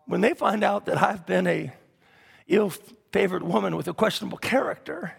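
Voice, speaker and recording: A man voicing a worried woman who quietly frets that her shady past will come out. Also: high voice, moderate pace, vocal fry, breathy edge, big-room sound, full character voice. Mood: anxious. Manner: hushed, anxious musing.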